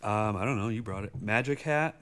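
A man's voice: fairly low pitch, fairly quick, a bit bright, clean tone. A young man co-hosting a casual podcast on a studio mic, blunt and hesitant, with many ums. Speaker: podcast co-host.

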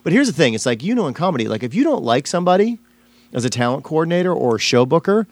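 A man's voice: on the high side, very animated, quick pace, no room sound. A man, a stand-up comedian, telling a personal story in a casual interview, rambling with many fillers and restarts.

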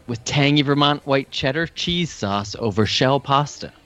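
A man's voice: medium pitch, lively intonation, moderate pace, fairly bright tone, highs cut off, faint music behind. A man reading a menu aloud in a casual group, adding dry, wry asides.

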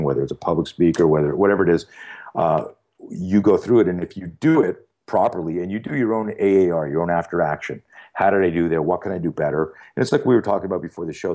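Very deep-voiced man in his sixties, storytelling. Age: 60s. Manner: animated storyteller who acts out dialogue with frequent restarts. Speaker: fear management speaker and podcast guest. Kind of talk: casual podcast conversation, storytelling.

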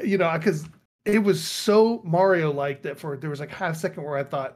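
A man co-hosting a gaming podcast in a loose, casual chat. He tells stories with animation and drops into little quoted voices as he goes. His voice sits fairly high for a man. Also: fairly even intonation, normal speed, darkish tone. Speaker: podcast co-host.

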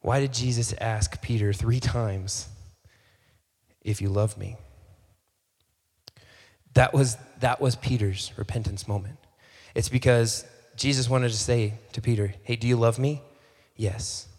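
A man preaching a sermon as a pastor, in a relaxed, conversational way, acting out little bits of dialogue and often repeating phrases. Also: mid-range voice, a little slow, pauses often, big-room sound. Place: church hall.

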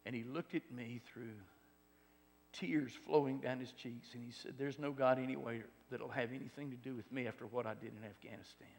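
A man preaching a sermon testimony, swinging from loud exhortation to hushed near-whispers. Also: mid-range voice, fairly even intonation, fairly quick, vocal fry. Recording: long hall reverb.

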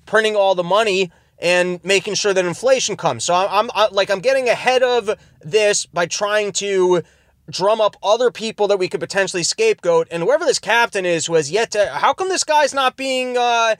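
A man's voice: sits high, moderate pace, fairly bright tone, no room sound, clean studio sound. A man hosting a podcast, giving rambling, sarcastic comedic commentary from his car. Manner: rambling, sarcastic, self-interrupting. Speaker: podcast host.

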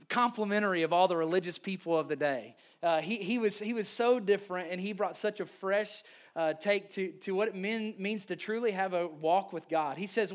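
A man, a pastor preaching a sermon, telling stories with lively restarts and repeated words. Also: high-pitched. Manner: animated storytelling with quick restarts.

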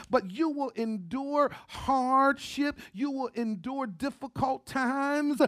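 A woman preaching a sermon with fervent delivery, often repeating "come on now" and stammering as she restarts. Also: a little high.

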